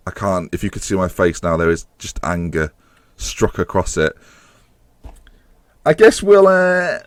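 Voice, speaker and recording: A young gaming commentator with a low voice that swings widely in pitch. He talks into a close, dry microphone, animated and swearing at the screen. His tone stays informal throughout. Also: measured pace, pauses often, clean tone, no room sound. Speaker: gaming YouTuber. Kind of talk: gameplay commentary.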